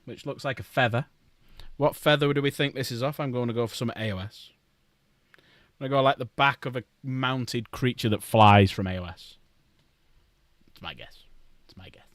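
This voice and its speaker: A man's voice: mid-range voice, fairly bright tone, dry recording. A man streaming casually, chatting and rambling to viewers while building models. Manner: rambling, chatty, talks to chat.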